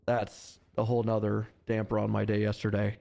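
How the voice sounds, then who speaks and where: A man's voice: fairly low pitch, completely flat delivery, brisk, gravelly, mellow. A man in an in-character roleplay conversation, telling what happened on a shift in an exasperated, profane way. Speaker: roleplay deputy recounting an incident.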